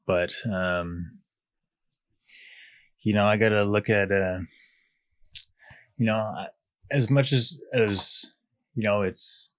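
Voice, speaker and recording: Young podcast host, a bit low-pitched, recorded dry, tells his story casually with plenty of swearing. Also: slow, pauses often, a bit bright, no room sound. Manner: casual, profane, many fillers and restarts. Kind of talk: candid personal storytelling.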